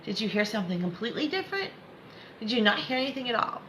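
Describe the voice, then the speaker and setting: A woman's voice: fairly high pitch, big pitch swings, fast talker, a bit bright, slight background noise, low-quality recording. A woman spiritual coach leading a live guided meditation lesson, encouraging and reassuring viewers by name.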